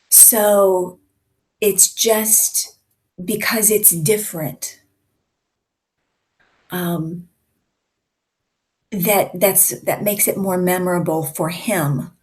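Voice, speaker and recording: A woman in her sixties hosting and coaching, teaching in a conversational way with deliberate pauses. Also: fairly low pitch. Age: 60s. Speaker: host and speaking coach.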